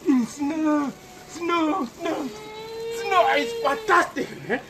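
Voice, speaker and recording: High, slow-talking man outdoors. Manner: playful, laughing, shouting, repeats words. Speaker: vlogger. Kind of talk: excited outdoor vlog. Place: outdoors in snow. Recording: loud outdoor noise. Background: loud noise.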